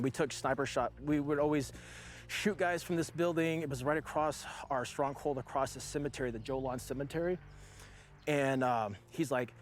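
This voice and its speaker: A man's voice: mid-range voice, moderate pace. A man in his forties, a veteran guest, telling a long story in a loose, rambling way full of fillers. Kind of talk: casual storytelling.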